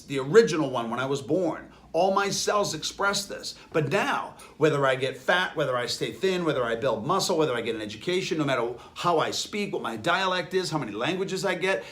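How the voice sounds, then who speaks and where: A man's voice: fairly high pitch, fairly bright tone. A man with a Boston accent giving an emphatic health lecture, firing off rhetorical questions. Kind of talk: lecture to an audience.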